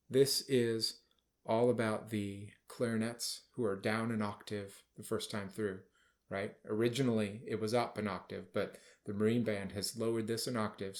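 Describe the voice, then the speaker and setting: A man leading a band rehearsal, calling out cues and explaining the music between passages. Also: on the low side. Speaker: band director. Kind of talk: rehearsal instruction over a recording. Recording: music playing underneath. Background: band music playing.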